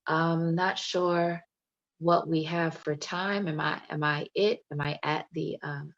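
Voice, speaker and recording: Low-voiced woman poet on a video call. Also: fairly even intonation, slow, lo-fi sound. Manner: emphatic, playful and talkative. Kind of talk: poetry reading and chat.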